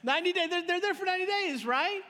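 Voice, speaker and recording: A pastor preaching a sermon live, telling stories in an animated way, repeating words and swinging between loud and soft. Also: male voice, very high-pitched, quick pace. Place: church auditorium. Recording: live in a church hall with long reverb.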